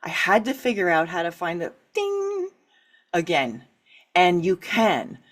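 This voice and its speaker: Middle-aged lady, kinda low voice, chatty interview guest, laughs a lot and acts out what people say. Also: a little slow. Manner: animated, laughs often, acts out quoted reactions. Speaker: author and writing coach, interview guest. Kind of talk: candid conversational interview.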